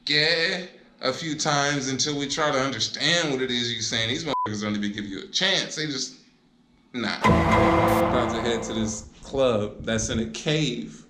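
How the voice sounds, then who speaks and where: Over loud music and a rough recording, a young man talks in a medium pitch at normal speed. It's a casual vlog chat full of profanity, jokes, and frequent laughter.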